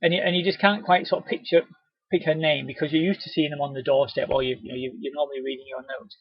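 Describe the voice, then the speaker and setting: A man presenting a live training webinar, chatty and encouraging, with a husky voice. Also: a little high, fairly even intonation, quick pace, no echo. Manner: chatty, encouraging, acts out cheery doorstep greetings. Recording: dull, lo-fi webinar audio.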